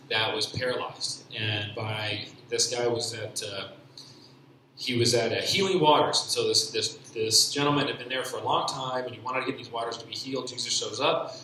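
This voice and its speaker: A man giving a personal faith testimony at church, speaking haltingly with many restarts and repeated fillers. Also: medium pitch, bright, forceful tone, slight background noise. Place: church hall. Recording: very echoey church hall.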